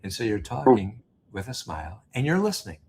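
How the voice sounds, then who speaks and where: A man with a fairly low voice tells a story as an interview guest, casual and anecdotal. He stumbles through fillers and restarts but stays animated. A faint hum sits under the recording. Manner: halting, many fillers and restarts. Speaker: interview guest, business founder.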